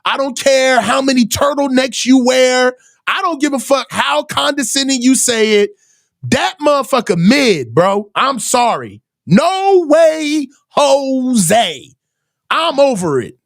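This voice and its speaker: A man hosting a live football reaction stream, ranting in exasperation with heavy slang and frequent shouting. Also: very high-pitched, big pitch swings, takes it slowly, gravelly. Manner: shouts often in frustration. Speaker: sports reaction host. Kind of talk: live game reaction commentary.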